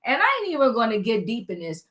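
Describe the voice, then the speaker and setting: A woman co-hosting a reality show recap, chatting casually and acting out the cast's quotes in a slangy, animated way. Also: fairly high pitch, quick pace. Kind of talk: casual chat.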